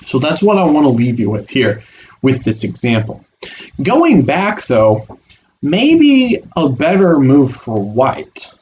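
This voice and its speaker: A man teaching a chess lesson in an animated, playful voice with lively rises and falls in pitch. He explains moves clearly and slips into voicing the pieces. Faint background noise sits under his mid-pitched voice. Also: takes it slowly. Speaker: chess coach.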